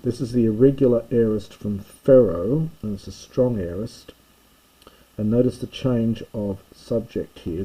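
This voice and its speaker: A man with a low, dark, husky voice works through a grammar lesson at an unhurried pace. He reads each sentence aloud, then translates and explains it patiently, step by step. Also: rough recording. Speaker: Greek teacher.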